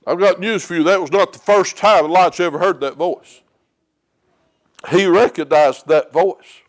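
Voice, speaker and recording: A man's voice: high voice, normal speed. A man preaching a sermon in a church, plain-spoken and folksy, telling homespun stories. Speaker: lay preacher. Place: church sanctuary.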